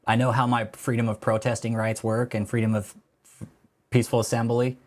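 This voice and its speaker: A man's voice: mid-range voice, little pitch movement, brisk. A man hosting a casual livestream, talking in a profane, mocking way, laughing and calling people bro. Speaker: livestream host.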